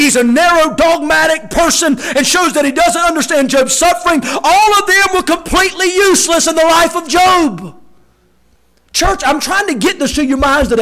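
A man preaching a sermon, acting out quotes and shouting key lines for emphasis. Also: very high-pitched. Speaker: pastor.

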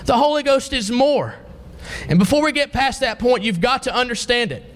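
A man with a high-pitched voice preaches a sermon. He reads scripture aloud and keeps asking the congregation questions. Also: lively intonation, moderate pace.

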